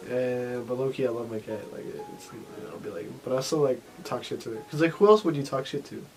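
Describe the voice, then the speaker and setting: A man chatting on a podcast, mid-pitched and loose, rambling from one story to the next with constant fillers and casual swearing. Faint music plays underneath. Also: normal speed, poor audio. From family ties to Texas. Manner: rambling, profane, many fillers. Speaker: podcast host. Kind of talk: casual chat.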